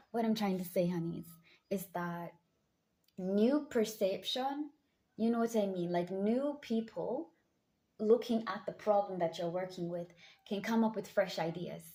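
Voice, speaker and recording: A young woman reading tarot cards in a casual chat, hyping up her viewers with pet names, her voice a bit deep from just waking up. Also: warm tone. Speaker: tarot card reader.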